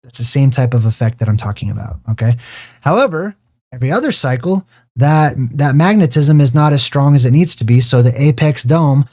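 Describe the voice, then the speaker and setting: A man with a dark, mellow voice at an ordinary pitch talks through his screen in a loose, rambling lecture. He keeps wandering off on side tangents, then slows right down to draw out single words for emphasis. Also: lively intonation. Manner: digressive, drifts off on tangents. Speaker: video host.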